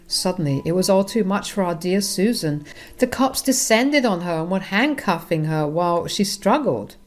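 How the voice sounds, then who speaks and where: A woman's voice: fairly low pitch, expressive, normal speed, darkish tone. A woman narrating a first-person family drama, talking directly to her listeners in a conversational way. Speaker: storyteller.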